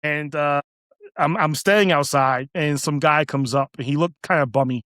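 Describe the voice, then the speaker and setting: A middle-aged man, a retired police officer, telling stories casually, halting and repeating words as he acts out quoted dialogue. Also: fairly high pitch, a bit bright, no echo, clean studio sound. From United States. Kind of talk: casual storytelling.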